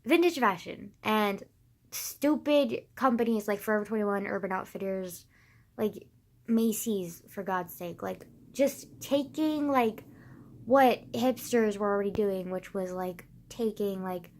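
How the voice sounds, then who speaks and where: A teenage girl talking casually to camera, gushing and excitable, full of sighs, fillers and swearing. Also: mid-range voice, unhurried, a little hiss or hum. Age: teens. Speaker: vlogger. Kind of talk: casual rambling vlog.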